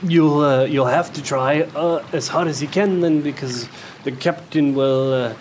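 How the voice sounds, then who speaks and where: A man doing a halting drunken ship's cook. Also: on the high side, darkish tone, slight background noise, pitched above the performer's own voice, natural voice. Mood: grumbling.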